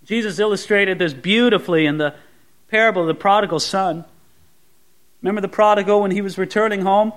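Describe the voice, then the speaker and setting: A man preaching a sermon in an earnest way, rising to loud exclamations and dropping to soft, tender asides. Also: high-pitched, a little fast. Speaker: pastor.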